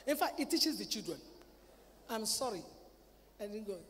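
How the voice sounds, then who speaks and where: Lively woman preaching in a hall. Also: mid-range voice, fast. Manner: lively, acts out family dialogue, repeats words. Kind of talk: sermon. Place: large convention hall. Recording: reverberant hall, faint ambient noise.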